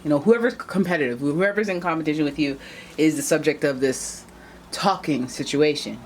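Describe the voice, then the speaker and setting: A woman's voice: low-pitched, normal speed, slight background noise. A woman doing a casual tarot reading, chatting straight to her viewers and often drifting into playful tangents. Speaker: tarot reader.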